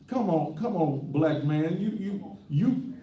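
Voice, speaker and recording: A pastor hosting a call-in talk show rants brashly, boasting and mocking, his voice a little high yet dark in tone. He speaks slowly but animatedly, far from the mic in an echoey room.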